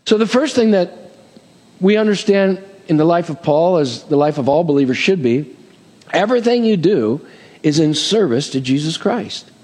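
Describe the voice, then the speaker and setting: Lively, chatty preaching man in reverb. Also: fairly high pitch. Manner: conversational preaching with joking asides and frequent "Amen?". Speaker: pastor. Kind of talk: sermon.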